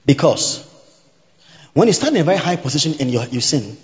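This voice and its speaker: A man's voice: a little high, sing-song, brisk. A man preaching a sermon to a congregation. He teaches by repeating each point and often asks whether his listeners are following, with an occasional hallelujah. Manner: teaching by repetition, asking the congregation if they follow; interjects hallelujah. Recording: dull, reverberant hall recording.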